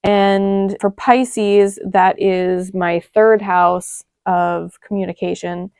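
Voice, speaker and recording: Gravelly, smooth-voiced woman explaining planner pages. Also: mid-range voice, little pitch movement, extremely slow, a little mellow, dry recording, studio quality. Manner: chatty, self-correcting, talks while pointing at pages. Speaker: planner creator and astrology guide. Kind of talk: casual tutorial walkthrough.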